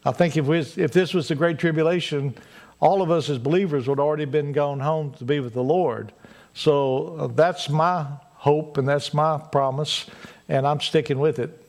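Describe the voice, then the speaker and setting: A man's voice: on the high side, fairly even intonation. Folksy preacher man. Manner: folksy preaching, drawn-out emphasis on key words. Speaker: pastor. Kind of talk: sermon.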